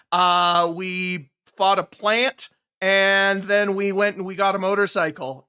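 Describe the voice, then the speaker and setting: Chatty bright-voiced man streaming a game. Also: high-pitched, clear, resonant tone. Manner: chatty, sarcastic, exasperated complaining about the game. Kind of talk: casual gameplay livestream chat.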